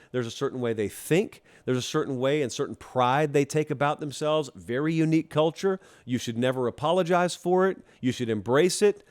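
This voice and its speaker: A man from Georgia hosts a college football show with an animated, teasing monologue. He speaks right to the fans and needles them. His pitch sits in an ordinary middle register. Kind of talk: casual opinion monologue.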